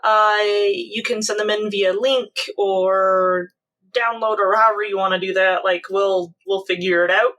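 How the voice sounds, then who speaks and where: Bright laughing woman podcast co-host. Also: mid-range voice, fairly even intonation, unhurried. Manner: laughing, self-deprecating, hesitant fillers. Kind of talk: casual podcast chat.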